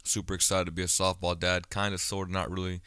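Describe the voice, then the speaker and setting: A man's voice: deep voice, flat delivery, fast talker, sharp tone, clear, resonant tone, no room sound, studio quality. A man in his thirties talking casually on his own podcast, a blunt storyteller who swears freely. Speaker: podcast host. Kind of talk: casual solo podcast monologue.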